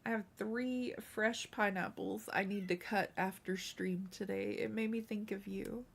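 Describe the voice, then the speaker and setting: A woman's voice: medium pitch, steady tone, measured pace, creaky. A woman hosting a casual craft livestream, chatting with viewers and scolding her cat. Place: home room.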